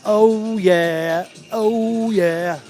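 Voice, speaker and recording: A man with a slightly high voice streams live political commentary on a phone while walking a city street. He rants and swears, doubles back on his own sentences, and sounds a little winded. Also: extremely slow, darkish tone, soft background music. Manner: ranting, profane, rambling with many restarts. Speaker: political vlogger.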